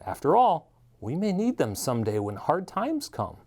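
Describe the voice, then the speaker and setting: A man's voice: fairly high pitch, wildly swooping pitch, normal speed, a little mellow, pitched above the performer's own voice, exaggerated voice. A man voicing a fretful, easily alarmed male island governor in a read-aloud storybook, pleading one moment and blustering the next. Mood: sly.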